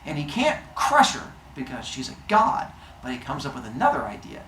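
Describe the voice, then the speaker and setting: Animated low-voiced woman telling a myth. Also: moderate pace, slight background noise. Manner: animated, jokey, full of asides. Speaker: storyteller. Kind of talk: casual comic retelling of a myth. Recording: roomy echo, faint ambience.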